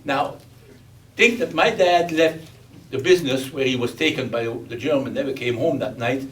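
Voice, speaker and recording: A man's voice: medium pitch, normal speed. Older Belgian-accented man speaking from afar. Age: 80s. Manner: chatty and joking, with emphatic repetition. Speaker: veteran guest speaker. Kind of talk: informal speech to an audience. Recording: distant mic with faint background noise.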